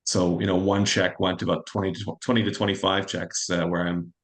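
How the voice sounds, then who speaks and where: A man in his forties, a fund manager guest, telling his career story in an interview with a quick, self-assured manner. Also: low-pitched, flat delivery. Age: 40s. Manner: fast, anecdotal and self-assured.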